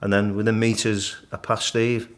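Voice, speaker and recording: A middle-aged man, a guest in a casual interview, vividly retelling his climb and acting out the shouts and thoughts along the way. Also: on the low side, moderate pace. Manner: animated storyteller, acts out his own shouts and thoughts. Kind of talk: storytelling in casual conversation.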